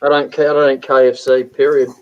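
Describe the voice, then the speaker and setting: A man's voice: medium pitch, level tone, fast, a little hiss or hum. A man hosting a live stream, teasing his guests and laughing often. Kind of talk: casual live-stream chat. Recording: dull lo-fi audio.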